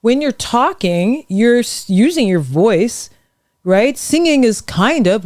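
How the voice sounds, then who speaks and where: A middle-aged woman, a vocal coach, leading warm-up exercises in a lively, encouraging, demonstrative way on a podcast. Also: a little high, slow, dry recording, clean studio sound. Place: podcast studio.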